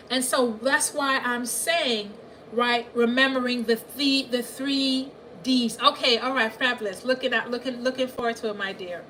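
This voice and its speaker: Brief: woman money coach, higher voice, animated, faint noise behind. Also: low-quality recording. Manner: animated, repeats herself, asks listeners if they hear her. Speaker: financial coach. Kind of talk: live coaching session.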